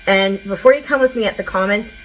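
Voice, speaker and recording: A woman's voice: medium pitch, brisk, fairly bright tone, a little hiss or hum, low-quality recording. A woman giving a casual psychic channeling reading to her viewers, chatty and rambling with lots of filler words and side notes.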